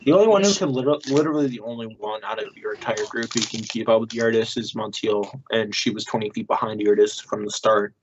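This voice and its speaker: A man narrating a tabletop game as game master, blunt and brisk, swearing casually. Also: lowish voice, muffled recording, background noise.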